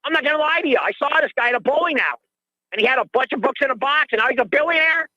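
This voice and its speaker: A man's voice: extremely high pitch, lively intonation, rapid-fire, sharp tone, no room sound. An older man calling in to a radio show, ranting in an agitated way and repeating himself, heard through dull lo-fi call audio. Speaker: caller.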